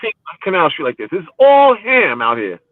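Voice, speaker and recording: A man's voice: high voice, normal speed, dry recording, phone-quality sound. A man describing a busy city street while out walking, exclaiming and repeating himself. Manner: excited, exclaiming, repetitive. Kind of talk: casual chat, live street commentary.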